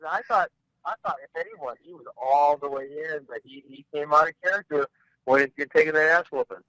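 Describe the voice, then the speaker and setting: A man's voice: a little high, brisk, bright, forceful tone, no room sound, low-quality recording. A man talking bluntly as a podcast guest, rambling and restarting his sentences in casual chat. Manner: blunt, rambling, repeats words when starting.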